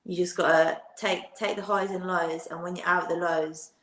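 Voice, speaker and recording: A woman's voice: lowish voice, little pitch movement, moderate pace, fairly bright tone. A British woman giving plain-spoken interview answers as a guest, with frequent restarts. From Britain. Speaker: guest, professional boxer. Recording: roomy remote audio.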